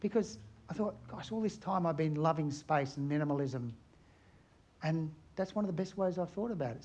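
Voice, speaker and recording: A man's voice: a little high, brisk, warm tone. A middle-aged man from Australia, an aerial photographer giving a chatty, anecdotal conference talk and asking his audience questions.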